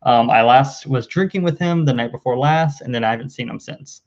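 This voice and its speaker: A man's voice: mid-range voice, fairly quick, lightly acted. A man voicing an anxious, chatty male quest-giver who pleads for help finding a missing friend. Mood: worried. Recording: slightly dull lo-fi audio.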